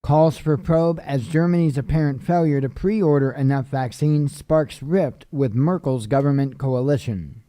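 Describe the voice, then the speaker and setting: Male news-commentary host, weary and casual, warm dark tone, dry close recording. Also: medium pitch, measured pace, hardly any pauses, no echo. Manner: tired, yawning, offhand asides. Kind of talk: reading headlines with casual commentary.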